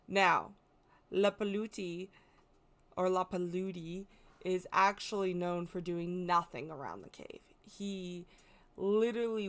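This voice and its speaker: A woman's voice: fairly low pitch, clean tone. A woman hosting a folklore channel, explaining in a chatty, rambling way with fillers and self-corrections. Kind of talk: casual explainer talk.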